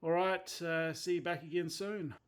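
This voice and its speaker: A fairly high, evenly intoned male voice at a moderate pace belongs to an Australian watchmaker chatting casually over his bench as he fixes a watch. Blunt and easily exasperated, he's prone to cursing when irritated.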